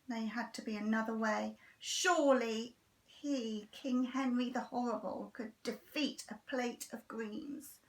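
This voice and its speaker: A teacher reading a children's storybook aloud with a lively, expressive delivery. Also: female voice, a little high, measured pace, distant mic.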